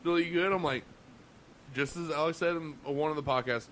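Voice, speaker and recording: A man's voice: on the high side, fairly quick, fairly bright tone, a little hiss or hum. A man co-hosting a casual podcast, telling rowdy restaurant stories with lots of swearing, restarts and laughter. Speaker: podcast co-host. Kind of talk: casual chat, swearing storytelling.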